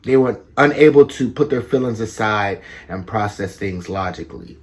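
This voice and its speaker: A man giving a casual tarot reading to his viewers, talking slowly and repeating himself, with bits of slang. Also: lowish voice. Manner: slow, repetitive, conversational with slang. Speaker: tarot reader.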